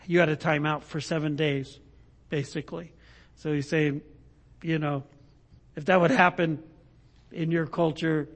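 Man preaching, often asking "right?". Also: a little high. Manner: conversational, asks "right?" often, restarts. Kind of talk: sermon with scripture reading.

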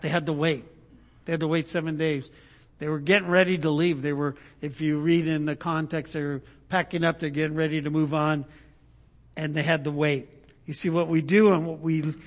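Guy giving a sermon, reads scripture then talks it through, kinda high voice. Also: fairly bright tone. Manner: conversational, asks "right?" often, restarts. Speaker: preacher.

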